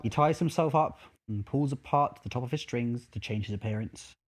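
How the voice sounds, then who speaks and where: A man's voice: mid-range voice, normal speed. A man co-hosting a podcast, telling long jokes as a story and putting on voices for the characters. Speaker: podcast co-host.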